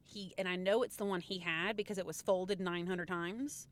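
A woman's voice: fairly low pitch, fairly even intonation, normal speed. Blunt, swearing woman co-host. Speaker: podcast co-host. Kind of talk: casual chat.

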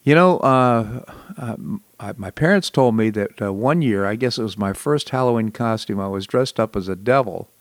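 A man's voice: lowish voice, normal speed, few pauses, dry recording. A man hosting a talk show, chatting casually about politics and memories, with frequent chuckles. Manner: conversational, chuckles often. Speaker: radio show host.

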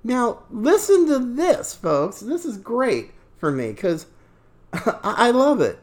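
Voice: mid-range voice, very animated, slow pace. A podcast host giving sarcastic political opinion commentary, mocking and chuckling between remarks.

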